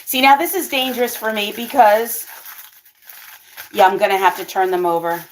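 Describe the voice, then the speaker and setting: A woman hosting her own cooking vlog, chatting casually with viewers, excitable and always exclaiming and laughing. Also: medium pitch, moderate pace, noisy background. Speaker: cooking vlogger and channel host.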